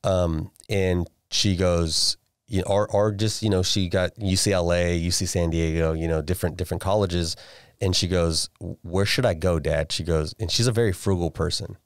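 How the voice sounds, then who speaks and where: A podcast guest in his forties, with a deep, resonant, clear voice, shares a family story in casual interview chat. His tone is steady and his speed normal, though he restarts sentences and repeats words; the audio is dry and close with no room echo.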